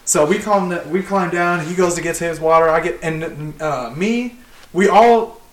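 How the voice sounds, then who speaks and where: A young working man tells a story from his job in a loose podcast chat. He swears a lot and laughs his way through it, and his voice sits high. The room echoes around him. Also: a little slow, fairly bright tone. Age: young adult. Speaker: tradesman telling a work story. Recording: roomy echo.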